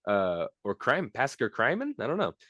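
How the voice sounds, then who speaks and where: A young man hosts a casual podcast quiz, reading questions at a quick clip and needling his friend between answers. His pitch swings a lot as he talks. The sound is close and dry, with no room to it. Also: lively intonation, dry recording. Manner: playful, teasing, reads quiz questions quickly. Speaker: podcast co-host running a quiz.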